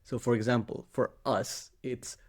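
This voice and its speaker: A young man speaks as a sales coach at a middling pitch for a man. His delivery is direct and emphatic, and he acts out sample phrases as he explains them. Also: level tone, measured pace, darkish tone. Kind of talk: instructional talk to camera.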